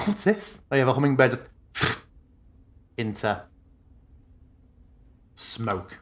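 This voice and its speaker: A man narrating as game master in a casual, loose way, pausing with ums while he checks rules. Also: mid-range voice, sing-song, a bit bright.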